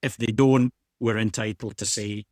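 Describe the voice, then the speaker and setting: A man's voice: lowish voice, fairly even intonation, moderate pace, darkish tone, dry recording, studio quality. A man co-hosting a podcast, making an insistent case in casual chat and often restarting his sentences. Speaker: podcast co-host.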